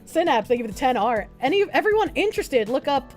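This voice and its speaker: High-pitched young streamer girl rambling and cussing, all excited, faint music behind. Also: fast, few pauses. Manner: rambling, excitable, swears a lot. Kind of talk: casual chat.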